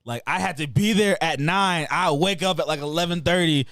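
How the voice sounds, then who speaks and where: A man co-hosting a casual podcast, telling lively stories, acting out the people he quotes and laughing often. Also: fairly high pitch, moderate pace, dry recording, studio quality. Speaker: podcast co-host. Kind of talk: casual chat.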